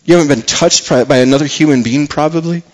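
A pastor preaches an earnest sermon at a fast pace. He repeats words for emphasis and brings his voice down soft and low on the key phrases.

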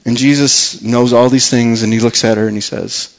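A man preaching a sermon as a pastor, earnest, repeating words for emphasis and dropping soft and low on key phrases. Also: fairly even intonation, normal speed.

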